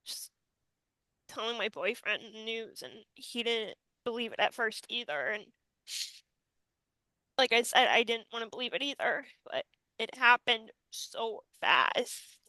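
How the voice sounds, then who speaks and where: A woman host speaks in a tearful, halting way, breaking off phrases as she tries not to cry. Her delivery is slow and her tone is bright and tense. The recording is dry, with no room echo. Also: a little high, expressive. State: tearful, holding back crying. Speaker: podcast host. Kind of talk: emotional tribute monologue.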